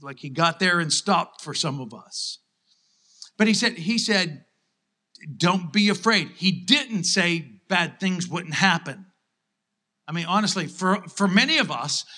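A man's voice: sits high, sharp tone. A man preaching a conversational sermon to his congregation in church, playfully acting out skeptical disciples between scripture readings. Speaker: pastor.

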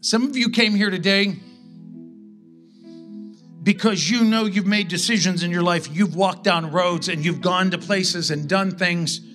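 Bright-voiced male pastor preaching. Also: sits high, fairly even intonation, soft background music. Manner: impassioned, with slow dramatic pauses. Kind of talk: sermon.

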